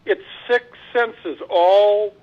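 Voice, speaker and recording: A man calling in to a talk show, excitable and teasing. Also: high-pitched, drawn-out words, muffled recording. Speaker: caller. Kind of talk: phone-in call.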